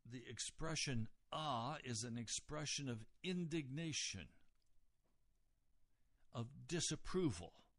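Slow, deliberate male preacher. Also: medium pitch, lively intonation, dry recording. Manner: deliberate expository preaching, pausing on key words. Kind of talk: sermon.

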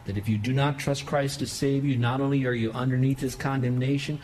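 A male pastor preaching a sermon in church, emphatic, with sudden swells of pitch and volume. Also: fairly even intonation, a little fast, few pauses, a little mellow, a little hiss or hum, low-quality recording. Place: church sanctuary.

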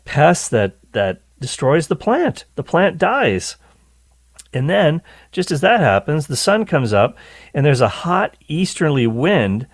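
A man hosting a radio Bible teaching show, talking in an animated way and often repeating words as he starts a thought. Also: mid-range voice, creaky, no echo. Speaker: radio host.

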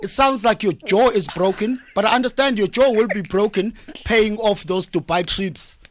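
A South African man, a comedian guest in a radio studio, telling jokes in a deadpan storytelling way. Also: sits high, moderate pace, slight background noise. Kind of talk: joking radio interview chat. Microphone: studio microphone.

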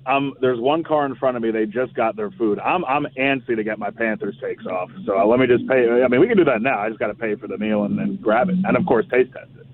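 A man phoning in from a drive-thru, his voice thin and tinny through the phone line with a faint hiss behind it. He talks in a dry, halting way, repeating words as he goes. His pitch is ordinary and middle-range. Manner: dry, slightly hesitant, stumbles over words. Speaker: radio co-host calling in from a drive-thru. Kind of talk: casual on-air banter.

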